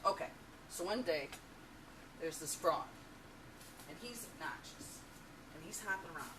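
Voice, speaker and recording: A woman's voice: low-pitched, expressive, a little slow. A middle-aged woman chattily teaching home canning while she works in her kitchen, heard through a camera mic set away from her. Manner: chatty, talks while working, playful. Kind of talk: casual how-to demonstration. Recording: distant noisy home recording.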